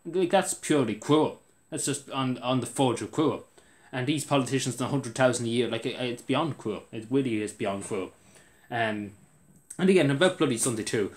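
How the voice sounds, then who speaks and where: An Irish man delivering an indignant political rant to camera, repeating himself for emphasis. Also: medium pitch. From Ireland.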